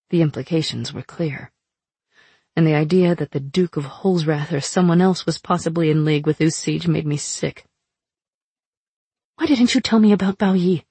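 A woman reading a fantasy story aloud in measured, soft narration. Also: fairly low pitch, breathy edge, dry recording. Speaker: audiobook narrator. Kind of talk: scripted narration.

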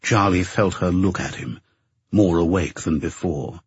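A man reading a novel aloud as a narrator, in a slow, measured way. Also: deep voice, no room sound. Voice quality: husky. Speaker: audiobook narrator. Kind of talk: scripted narration. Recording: dull lo-fi recording.

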